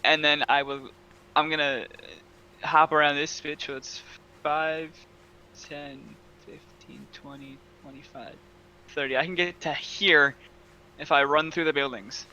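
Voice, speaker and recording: Bright-voiced man player. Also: a little high, steady tone, measured pace, highs cut off. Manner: joking, counting out moves. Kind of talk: playing a tabletop game.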